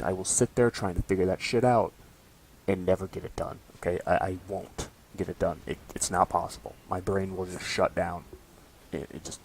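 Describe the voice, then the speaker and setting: A man's voice: sits low, slight background noise. A young man in college ranting casually to camera, swearing often and tagging his lines with "okay?". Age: young adult. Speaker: college student vlogger.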